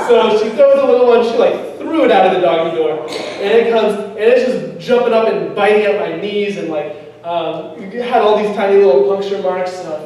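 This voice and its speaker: A man's voice: high voice, darkish tone, slight background noise. Young man telling a story in an echoey church. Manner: chatty storytelling, laughs often. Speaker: youth speaker. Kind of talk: church testimony talk. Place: church hall. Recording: echoey hall from far off.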